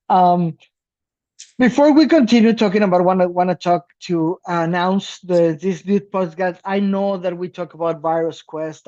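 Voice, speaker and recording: A man from South America co-hosting a podcast in casual chat, animated and laughing, swearing casually. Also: high voice, muffled recording. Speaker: podcast co-host.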